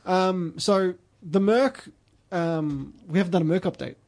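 A man's voice: high voice, unhurried, a little mellow. An Australian man hosting a podcast, telling long rambling stories in casual chat with lots of restarts. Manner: rambling storyteller with many restarts. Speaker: podcast host.

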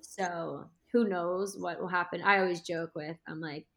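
A woman's voice: lowish voice, fairly even intonation, unhurried, vocal fry, fairly bright tone. A young woman talking as a guest on a podcast, chatty and laughing often. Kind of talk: casual interview chat.

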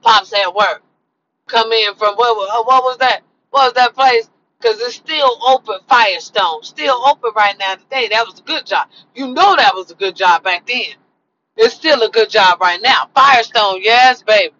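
Sassy woman vlogger, slangy preachy advice, bright tense voice, dull lo-fi recording. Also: fairly high pitch, normal speed, a little hiss or hum. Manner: slangy, sassy, repeats lines for emphasis. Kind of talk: casual preachy advice monologue.

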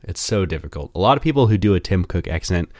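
A man in his thirties with a Midwestern American accent, talking slowly and deliberately in a dry, understated way. His voice sits very low. The sound is close and dry, with no room around it. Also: sing-song, darkish tone, no room sound. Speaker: podcast co-host. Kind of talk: casual chat.

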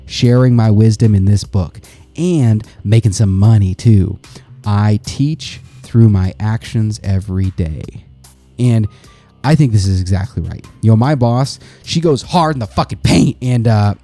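A young adult man hosting a podcast, reading quotes aloud and riffing on them in a profane, animated way. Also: lowish voice. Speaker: podcast host. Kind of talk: casual podcast commentary.

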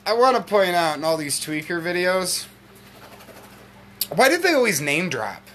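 A man's voice: sits high, normal speed, a little hiss or hum. A man hosting a podcast, talking animatedly about a video clip and swearing casually. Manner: animated, swearing, quoting clips. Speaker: podcast host. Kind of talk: casual chat.

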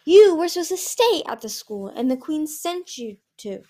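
A woman's voice: high-pitched, big pitch swings, normal speed, mellow, voice pushed up. A woman voicing a bossy, scornful male jungle dragon who scolds sarcastically. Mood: scolding.

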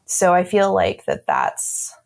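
A woman's voice: lowish voice, wildly swooping pitch, takes it slowly. A woman speaking in an interview as a burlesque performer, frank and sassy, with many ums and frequent laughs. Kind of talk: candid interview talk.

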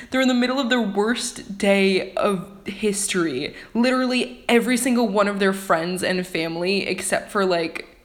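A woman's voice: mid-range voice, normal speed, echoey room. A woman giving a rambling, casual book review, full of filler words and casual swearing. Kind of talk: casual vlog rant.

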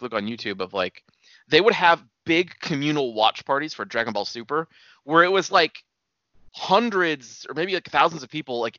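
A man's voice: mid-range voice, pushed and bright, no echo. A man co-hosting a podcast in casual, crude banter. He rambles eagerly and laughs easily. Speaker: podcast co-host. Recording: dull lo-fi dry sound.

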